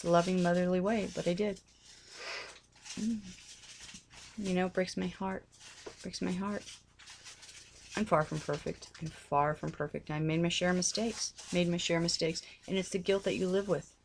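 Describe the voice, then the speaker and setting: A woman's voice: lowish voice, fairly even intonation, normal speed, long pauses, a little hiss or hum. Earnest middle-aged woman, pleading and repetitive. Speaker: religious vlogger. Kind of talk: heartfelt personal talk.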